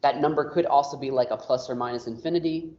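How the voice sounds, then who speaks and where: A man's voice: medium pitch, darkish tone. Casual man teaching a math lecture. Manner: casual, filler-heavy, quick explaining. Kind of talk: online class lecture. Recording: roomy, dull lo-fi audio.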